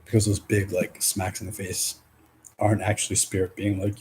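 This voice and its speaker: A man in a casual spiritual vlog, reading oracle cards aloud, rambling and swearing, with loud and soft stretches. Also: on the low side, expressive, brisk, slight background noise, poor audio. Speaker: spiritual card reader.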